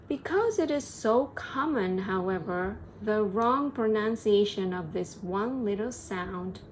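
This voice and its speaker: A woman coaching English pronunciation, reading vowel lessons slowly and deliberately and repeating example phrases. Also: mid-range voice, a little mellow. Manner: reads English text slowly, then explains quickly in Japanese. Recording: faint background noise.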